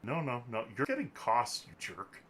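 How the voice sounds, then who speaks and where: A man hosting a casual podcast, his pitch swinging widely as he jokes and rambles. His voice is bright and forward. He laughs often, talking into a desk microphone. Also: huge pitch swings, moderate pace, husky. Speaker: podcast host.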